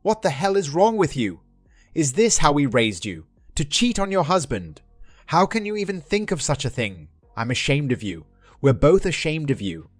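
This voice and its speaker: A man's voice: mid-range voice, expressive, normal speed, no room sound, natural voice. A man plays an older father whose talk is harsh and scolding. The delivery is dry, over faint background music. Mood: furious.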